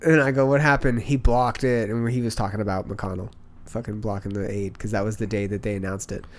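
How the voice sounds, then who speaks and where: A man co-hosting a podcast in casual chat, swearing freely and joking in quick repeated bursts. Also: lowish voice, fairly even intonation, a little hiss or hum. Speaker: podcast co-host.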